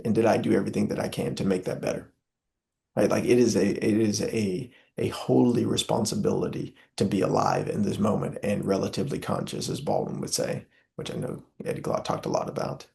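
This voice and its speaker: His voice is fairly low, creaky and mellow: a young Southern American man speaking as an interview guest. Earnest and impassioned, he takes on a preacherly manner, with frequent filler "uh"s.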